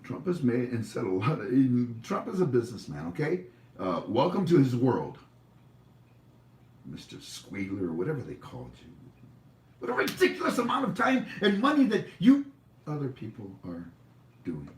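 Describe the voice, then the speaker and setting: A man's voice: mid-range voice, huge pitch swings, moderate pace. A man hosting a livestream, talking in a rambling, jokey way. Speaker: livestream host. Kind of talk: rambling casual commentary. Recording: echoey room, far from mic.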